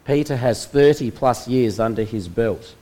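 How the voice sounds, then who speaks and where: A man preaching a sermon, retelling a Bible story in a measured way with slow, dramatic pauses. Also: medium pitch, dark tone, low-quality recording. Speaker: pastor.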